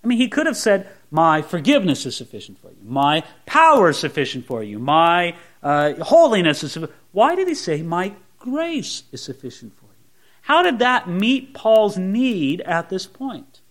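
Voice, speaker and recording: Man preaching a sermon, high voice, very animated pitch, drops to quiet asides then lifts to emphatic lines. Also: moderate pace, hardly any pauses. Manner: expressive preaching, swinging between soft low asides and raised emphatic lines. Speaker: pastor.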